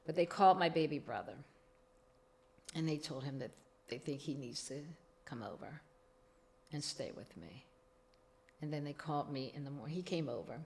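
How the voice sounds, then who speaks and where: A woman's voice: low-pitched, expressive, normal speed, creaky, darkish tone, slight background noise. A middle-aged woman, telling her own recovery story as a podcast guest, acting out the dialogue she quotes.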